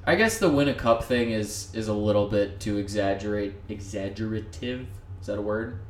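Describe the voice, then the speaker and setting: A man's voice: on the low side, brisk, echoey room, slight background noise. A man co-hosting a podcast, rambling and swearing through a casual sports chat. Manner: profane, rambling, animated. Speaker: podcast co-host.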